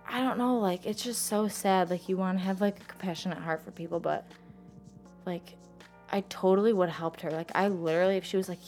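A woman's voice: on the low side, fairly even intonation, brisk, a little mellow, faint music behind. A young woman telling a personal story in casual talk, rambling and saying "like" constantly. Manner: says "like" constantly, rambling and emotional. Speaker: interviewee telling her story.

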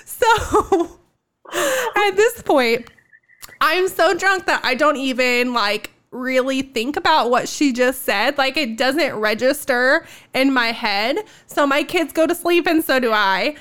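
A young woman telling a story in casual chat, animated and laughing often, with many fillers. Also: high-pitched, takes it slowly.

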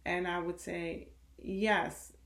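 A middle-aged woman with a lowish, gravelly voice, a guest on a conversational podcast. She rambles warmly through memories, often circling back and restarting her sentences. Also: moderate pace. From Suriname and the Netherlands. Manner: rambling, animated storytelling with laughter. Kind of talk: casual conversation.

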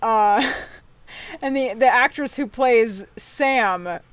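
Woman, fairly high voice, dry close sound, casual swearing, hesitant. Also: drawn-out words, smooth, no room sound. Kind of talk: casual chat.

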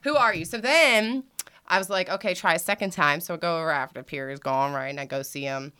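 Bright-voiced woman podcast host. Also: sits low, fairly quick, smooth. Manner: candid, laughing storyteller acting out quotes. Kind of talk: casual chat.

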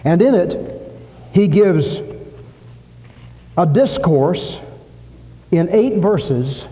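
A male pastor preaching with an emphatic, rousing delivery that stacks repeated phrases. His voice sits a little high yet sounds mellow and relaxed. The church hall gives it a long, ringing reverb. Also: extremely slow. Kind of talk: sermon.

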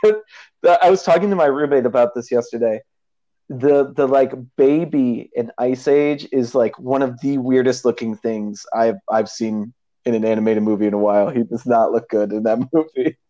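A man's voice: medium pitch, steady tone, moderate pace, mellow. A young man co-hosting a podcast, chatting casually and rambling with frequent laughs. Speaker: podcast co-host. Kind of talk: casual chat. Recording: dull lo-fi audio.

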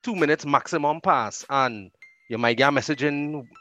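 A man with a Trinidadian accent, a radio host chatting as a podcast guest, telling animated stories. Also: fairly high pitch, normal speed, soft background music. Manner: animated storyteller, laughs easily. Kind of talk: casual chat.

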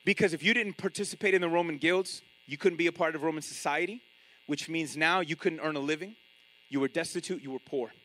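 A man preaching a sermon in an animated way, often acting out the voices of other people. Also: fairly high pitch, a little fast, low-quality recording. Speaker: pastor.

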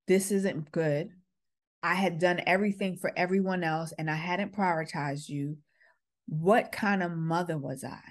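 A middle-aged woman, a former school principal, earnestly telling a personal story and acting out the quoted exchanges. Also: fairly low pitch. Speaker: podcast host, former principal.

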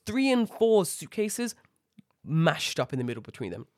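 A man telling an animated, heavily sworn rant about an airport in a casual chat, acting out the people he met. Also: on the high side, normal speed, no echo, clean studio sound. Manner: animated ranting, swears a lot, acts out people.

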